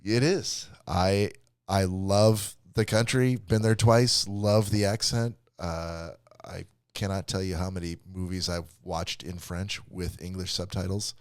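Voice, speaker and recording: A man's voice: low-pitched, fairly even intonation, unhurried, clear, resonant tone, no echo. A man co-hosting a casual podcast, teasing and pushy, swearing freely as he banters. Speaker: podcast co-host.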